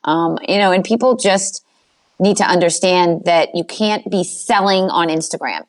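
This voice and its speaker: A woman with a Boston accent, a guest on a podcast interview, talking fast and self-assured as an Instagram coach. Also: lowish voice. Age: older.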